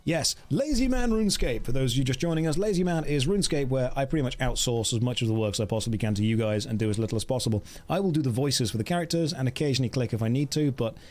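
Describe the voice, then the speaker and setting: Joking male streamer, lively voice. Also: mid-range voice, quick pace, hardly any pauses. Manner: joking, mock-serious. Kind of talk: casual game stream commentary.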